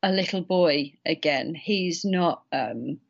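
A woman talks through a film in a loose, rambling way, circling back with restarts. Her voice sits on the low side. The recording sounds dull and lo-fi. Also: slow, creaky. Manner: rambling, many fillers and restarts. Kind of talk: casual film discussion.

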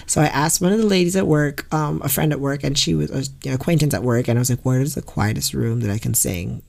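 A man's voice: medium pitch, fast talker, creaky, hardly any pauses. A man, a guest singer, telling stories in a casual podcast interview and acting out the voices of people he quotes. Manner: lively storyteller who acts out quoted voices.

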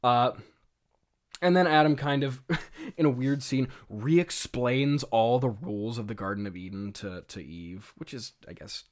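A writer with a mid-range voice and measured pace reviews his own old script in casual commentary. He is giggly and self-mocking, laughing often and using lots of filler words.

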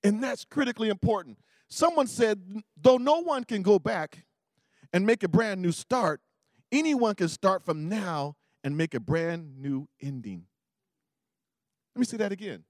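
A man preaching a sermon, telling a Bible story with lively acted-out voices. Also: sits high, unhurried, dry recording, studio quality. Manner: animated storytelling, acting out voices.

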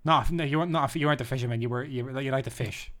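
A man's voice: medium pitch, racing, fairly bright tone. Male co-host, casual, jokey and rambling, playful list-reading. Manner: jokey, rambling, reads lists with playful emphasis. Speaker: podcast co-host. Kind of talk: casual chat.

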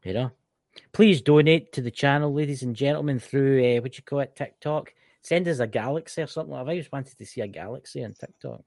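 A man's voice: mid-range voice, fairly quick, vocal fry, a little mellow, no room sound, clean studio sound. A Scottish man co-hosting a podcast, chatting casually in a rambling, joking way. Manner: rambling, swearing, banter. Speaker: podcast co-host. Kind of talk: casual chat.

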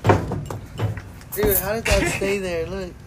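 A man's voice: sits high, steady tone, drawn-out words. A young man cutting into his friends' argument, teasing and probing with questions. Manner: interjects, probing and teasing, refereeing. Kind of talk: casual banter. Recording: crowd noise behind.

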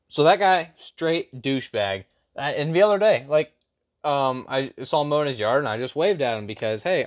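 A young man talks straight to the camera in a loose, rambling rant. He leans on fillers and slang, and his voice sits at an ordinary pitch for a man. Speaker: vlogger. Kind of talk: casual storytime rant.

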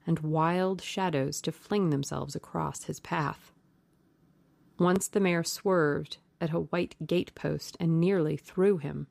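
A woman reads an audiobook aloud in a steady, measured way. Her voice sits low and carries a gravelly fry. The recording is dry and close, with no room echo. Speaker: audiobook narrator. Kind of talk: scripted audiobook narration.

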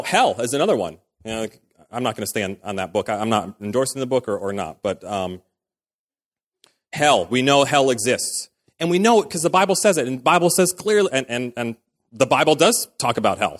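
A man, likely a pastor, giving a casual, conversational sermon in a church, full of fillers and acted-out quotes. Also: medium pitch.

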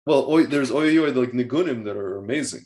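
A man co-hosting a podcast in casual conversation, blunt and wry, quick to mock. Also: mid-range voice, darkish tone. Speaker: podcast co-host.

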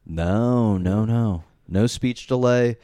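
A man's voice: lowish voice, slow pace, dark tone, clean tone, dry recording. A young man co-hosting a podcast from a living room, chatting casually with lots of filler words and swearing. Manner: rambling, heavy filler words, swears often. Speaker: podcast co-host. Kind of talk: casual chat. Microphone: studio mic.

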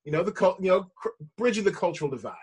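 American guy on a podcast, husky, kinda high, rambles and restarts a lot. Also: very animated, racing. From United States. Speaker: podcast co-host. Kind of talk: casual chat.

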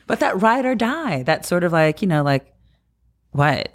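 Low-pitched woman, casual chat, animated, emotional, salty language. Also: measured pace. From New Jersey.

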